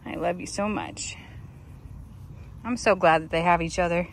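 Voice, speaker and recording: Outdoors, a woman films her goats dressed in Halloween costumes, chatting casually and cooing to them in affectionate baby talk for a vlog. Her low, gravelly voice holds a steady tone at a moderate pace, with a little hiss or hum in the recording.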